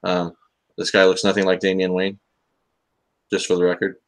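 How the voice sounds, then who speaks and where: A man's voice: low voice, completely flat delivery, normal speed. A man hosting a casual comics talk stream, joking and rambling with lots of fillers. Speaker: host of a comics talk show. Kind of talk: casual live-stream chat.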